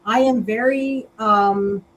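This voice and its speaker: Blunt high-voiced woman co-host. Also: steady tone, slow, slight background noise, rough recording. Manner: blunt, outspoken, crude. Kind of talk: casual political chat.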